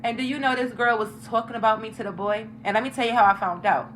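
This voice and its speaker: A young woman tells a story straight to her viewers in a bright, fairly high voice. She is animated and profane throughout. A faint room hiss sits under her voice. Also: fast. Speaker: vlogger telling a story. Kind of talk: casual storytime.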